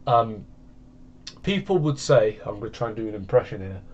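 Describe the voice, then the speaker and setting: A man's voice: on the low side, very animated, normal speed, darkish tone, dull audio. Rambling man chatting over gameplay. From United Kingdom. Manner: rambling, meandering chat. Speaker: gaming channel host. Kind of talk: casual gameplay commentary.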